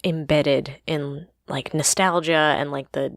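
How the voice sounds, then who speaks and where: A woman co-hosting a podcast, chatting in a relaxed, agreeable way and laughing easily. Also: low voice, takes it slowly, no room sound, studio quality. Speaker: podcast co-host. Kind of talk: casual chat.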